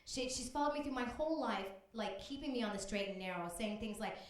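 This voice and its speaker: A woman's voice: fairly high pitch, brisk, very echoey. A woman comedian doing a brash, profane stand-up set on a comedy club stage.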